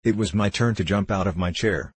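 A man narrating an audiobook in a measured, deliberate storytelling manner. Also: low-pitched, breathy edge, no room sound.

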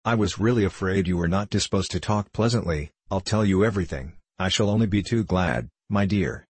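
A man's voice: deep voice, brisk, husky, no echo. Man reading a mild good-natured locksmith. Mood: pleading. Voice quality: gentle, pleading.

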